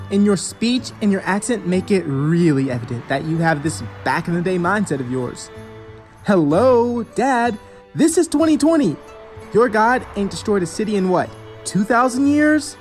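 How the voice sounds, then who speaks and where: An actor playing a sarcastic teenage son car who mocks his father. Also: sits high. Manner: sarcastic, mocking.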